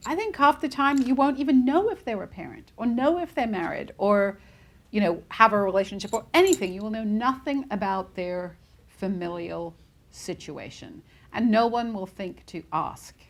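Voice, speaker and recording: A woman in her forties speaking candidly on a panel as a newsroom leader, reflective, with frequent fillers and restarts. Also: medium pitch. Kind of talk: panel discussion.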